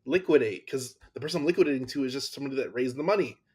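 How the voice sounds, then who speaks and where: Man, podcast host, middle pitch, eager casual talk, repeats himself. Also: rapid-fire, a little mellow, husky. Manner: enthusiastic, repeats words.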